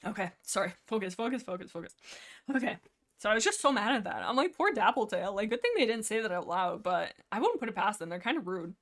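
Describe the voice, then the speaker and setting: A woman hosting a casual livestream, rambling excitably about a book, laughing often and answering chat as she goes. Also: medium pitch, fast. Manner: reads and answers chat messages. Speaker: livestream host.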